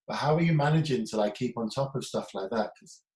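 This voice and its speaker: A man's voice: mid-range voice, fast talker, darkish tone, reverberant, low-quality recording. A man hosting an interview, asking conversational questions and summing up what his guest says. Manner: conversational, summarizes the guest's points. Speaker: interviewer, host.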